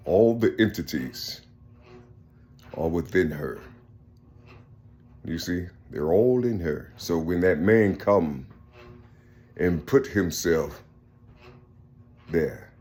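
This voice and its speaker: Slow, low-voiced man musing repetitively. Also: a little mellow. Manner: rambling, repeats "you see" constantly. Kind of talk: spiritual numerology monologue.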